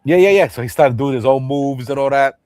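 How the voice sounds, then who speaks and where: A man hosting a livestream in casual chat, animated, laughing often and swearing freely as he acts out movie lines. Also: medium pitch, a little fast, clear, resonant tone, no room sound. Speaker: livestream host.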